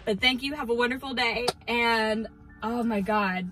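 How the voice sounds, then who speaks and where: A young adult woman, a teacher, chatting excitedly to camera in a casual vlog, full of fillers and quick restarts. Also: on the high side, soft background music, poor audio. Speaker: teacher vlogger.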